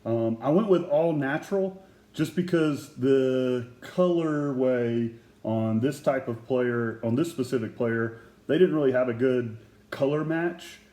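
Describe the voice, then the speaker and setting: A man chatting casually about items he has collected, telling his stories with excitement and acting out what people said to him. His voice is mellow and dark, at a middle pitch, and it rings a little in an echoey room. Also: a little slow. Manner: animated storyteller who acts out quotes. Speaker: guest collector telling an autograph story. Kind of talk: casual chat.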